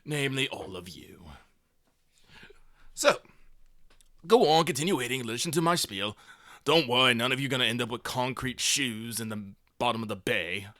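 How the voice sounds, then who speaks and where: A man playing a gravelly gang boss villain. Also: medium pitch, animated, normal speed, pauses often, bright, forceful tone, no room sound, studio quality. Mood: smug menacing. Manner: smug, menacing speech.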